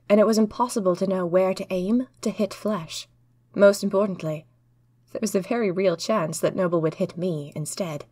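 A woman narrating a first-person diary adventure with earnest, lively delivery. Her voice sits at a middle pitch for a woman. She is recorded close and dry, with no room sound. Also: no room sound. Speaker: storyteller.

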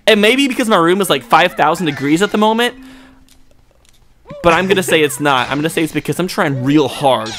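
A man's voice: fairly high pitch, animated, brisk, fairly bright tone. A young man in casual gameplay banter, joking and rambling with crude humor from his bedroom. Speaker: gaming YouTuber.

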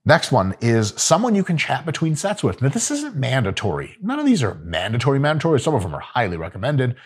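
A man's voice: medium pitch, huge pitch swings, fast talker, husky. A man giving casual, profane, joking coaching talk about gym training. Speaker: fitness coach.

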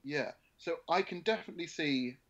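Man, podcast co-host, halting restarts, muffled dull audio. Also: fairly high pitch, expressive, a bit bright. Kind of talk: casual podcast chat.

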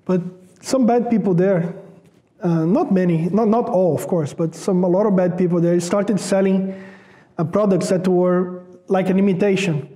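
A man's voice: high voice, moderate pace. A man from Brazil, preaching a sermon emphatically and repeating words for stress. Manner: lively with rising questions. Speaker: pastor. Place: church.

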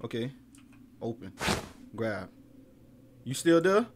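A young man streaming a horror game, loud and jumpy at the scares, full of slang and swearing, muttering to himself as he explores. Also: mid-range voice, very animated, slow pace, heavy background noise. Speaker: gaming streamer. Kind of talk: horror gameplay commentary.

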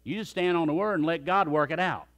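A man's voice: a little high, fast, a bit bright. A man preaching a sermon as pastor, emphatic and calling on the congregation to repeat phrases after him.

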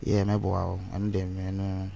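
A man's voice: low-pitched, monotone, unhurried, gravelly, mellow. A man, rambling as an interview guest and mixing Twi phrases into his English. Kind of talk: candid interview talk.

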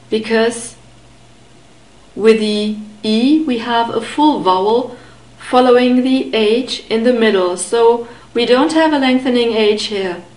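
A woman with a fairly high voice teaches pronunciation at a very slow, deliberate pace. She says each word again and again with patient care, and her voice rings in a roomy echo. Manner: patient, repeats words slowly and clearly. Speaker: German language teacher. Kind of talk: slow, careful pronunciation lesson.

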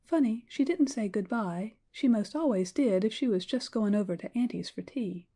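A woman's voice: mid-range voice, expressive, moderate pace, mellow. A woman voicing a grave little girl of about five who talks in a childish, rustic way. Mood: plaintive. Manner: childish, pleading, rustic grammar.

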